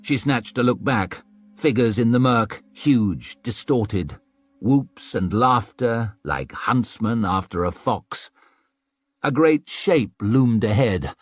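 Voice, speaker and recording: A man narrating an audiobook in a dramatic, expressive storytelling manner. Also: mid-range voice, takes it slowly, no echo.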